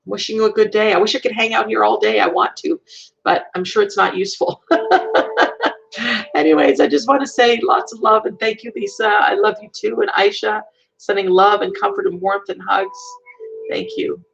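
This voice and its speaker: Gentle, gravelly-voiced woman soothing viewers. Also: mid-range voice, fairly even intonation, normal speed, lo-fi sound. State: emotional. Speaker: host of a live stream. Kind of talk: heartfelt live-stream message.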